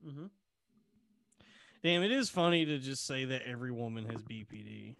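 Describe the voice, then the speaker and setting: A man's voice: mid-range voice, expressive, moderate pace, vocal fry, a bit bright, no echo. A man on a podcast over a video call, goofy and making fun of himself. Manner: goofy, self-mocking. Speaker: podcast co-host. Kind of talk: casual chat.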